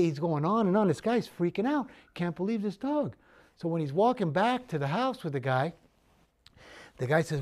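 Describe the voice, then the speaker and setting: Male sports talk host, high-pitched, casual and repetitive, studio. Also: sing-song, moderate pace, darkish tone. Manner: chatty, repeats words as he talks. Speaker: sports betting show host.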